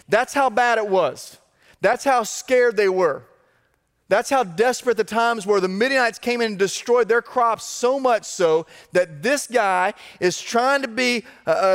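A man with a high voice preaches a sermon, talking with the congregation in a conversational way. He slows down to draw out key phrases and leans on repetition for weight. His voice rings out with the long reverb of a large hall. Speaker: pastor.

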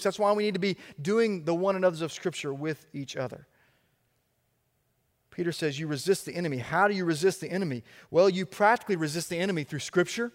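High-voiced preaching man in a reverberant hall. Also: fast. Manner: emphatic, repetitive preaching cadence. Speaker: pastor. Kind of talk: sermon.

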